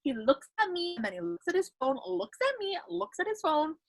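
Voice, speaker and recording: A woman's voice: extremely high pitch, expressive, fairly quick, creaky, no room sound. A woman in her twenties, a podcast host, chatting casually and telling stories with lots of fillers. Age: 20s. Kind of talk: casual chat.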